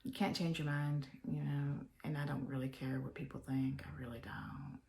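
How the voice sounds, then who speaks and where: A woman's voice: rumbling low, steady tone, moderate pace, vocal fry, mellow, a little hiss or hum. An older woman from Texas chatting in a meandering way to her viewers from a home office, sometimes dropping to a whisper. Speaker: vlogger. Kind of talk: rambling casual vlog.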